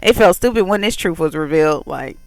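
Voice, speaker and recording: A woman's voice: low voice, expressive, a little fast, darkish tone, no room sound, poor audio. A woman hosting a faith channel, casually breaking down a song's lyrics. She talks loosely, with many fillers, and animatedly acts out the quoted lines. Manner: loose, repetitive "like" filled delivery.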